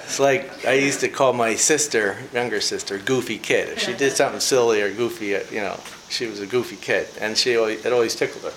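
An older man preaching informally speaks quickly with few pauses, in a steady, mid-range, slightly bright voice. He tells personal stories in a folksy, chatty style, laughing and using fillers often. Echo and faint ambient noise fill the room.

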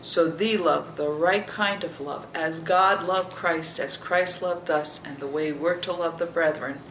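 Bible teacher explaining scripture verse by verse, gravelly and often hushed, recorded in an echoey room with noise behind. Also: medium pitch, steady tone, a little slow. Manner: reads scripture aloud, then explains it verse by verse; checks in with listeners by asking "okay?".

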